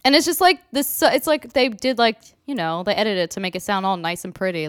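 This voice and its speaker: A woman's voice: medium pitch, animated, fast, hardly any pauses, clear, resonant tone, no room sound, studio quality. A woman co-hosting a horror movie podcast, chatting casually in a rambling way and swearing freely. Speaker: podcast co-host. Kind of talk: casual chat.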